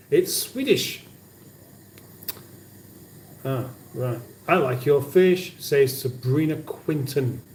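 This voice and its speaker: This is a man hosting a cooking livestream from his home kitchen. He talks slowly in a mellow, slightly high voice and reads viewer comments aloud with dry banter. The sound is roomy and picked up from a distance, with faint background noise. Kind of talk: casual livestream chat.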